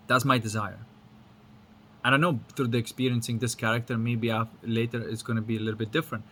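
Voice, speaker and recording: Lithuanian man, mixed American-British accent, rambling spiritual teacher, mid-pitched, frank and sweary. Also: fairly bright tone, a little hiss or hum. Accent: mixed Lithuanian, American and British English. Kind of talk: casual spiritual talk.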